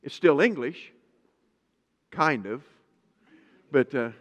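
A man, a pastor, preaching a sermon in a lively way, reading scripture aloud in a slow, deliberate manner. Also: medium pitch. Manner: lively preaching, reads scripture slowly and emphatically. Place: church sanctuary. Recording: reverberant church hall.

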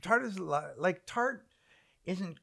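A man guesting on a comedy podcast, riffing quickly and chiming in with repeated agreement. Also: high-pitched, lively intonation, vocal fry, fairly bright tone. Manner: rapid, riffing, repeats "yeah" a lot. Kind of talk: casual comedic chat.

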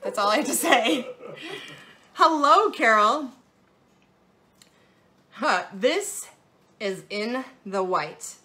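A woman's voice: on the high side, expressive, drawn-out words, long pauses, sharp tone. A woman hosting a casual live jewelry sales show, bubbly and playful, gushing over each piece.

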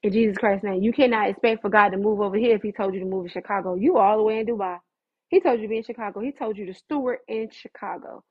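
A woman's voice: medium pitch, quick pace, slightly rough. A woman preaching fervently on a livestream, conversational and dramatic, mixing scripture with chat. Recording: dull lo-fi livestream audio.

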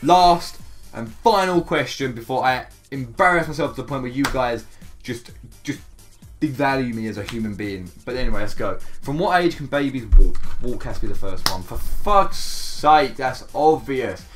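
A young man doing casual gameplay commentary, swearing often and quick to get exasperated and mock himself. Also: medium pitch, expressive, soft background music. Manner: swears a lot, quick to exasperation, self-mocking. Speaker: gaming YouTuber.

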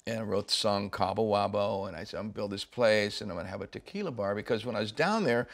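A man's voice: on the low side, quick pace, vocal fry. An older man, a rock musician, telling stories in a casual interview, laughing often and acting out the voices of people he quotes.

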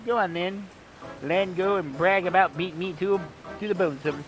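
A man's voice: sits high, moderate pace, natural voice, low-quality recording. A man voicing a cocky, mocking male skeleton sailor in a put-on Southern accent over game music. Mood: taunting. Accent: put-on American Southern. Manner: taunting, brash, cackling laugh.

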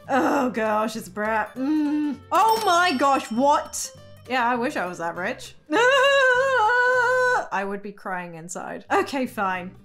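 A young woman commenting on an animated story video with giggly, incredulous running remarks. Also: sits high, slow pace, faint music behind. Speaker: gaming reaction YouTuber. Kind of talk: reacting to an animated story with voiced lines.

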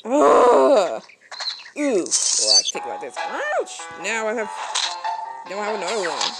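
A woman channel host gives rambling, casual let's-play commentary while she plays a game, giggling and exclaiming often. Her medium-pitched voice is sing-song and a little fast. It's a low-quality phone screen recording with loud game music.

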